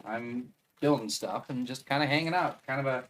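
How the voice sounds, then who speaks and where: Wisconsin guy streaming live, rambly and chatty, talks himself through a build, mid-pitch voice. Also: normal speed, a little hiss or hum. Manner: rambling, chatty, thinks aloud mid-task. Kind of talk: casual live-stream chat while assembling.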